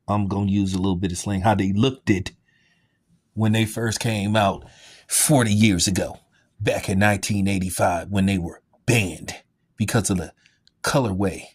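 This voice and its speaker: Male vlogger host, lower pitch, loose joking delivery with lots of fillers. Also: breathy edge. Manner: rambling, joking and sarcastic, with many fillers. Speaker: sneaker news vlogger. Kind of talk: casual chat.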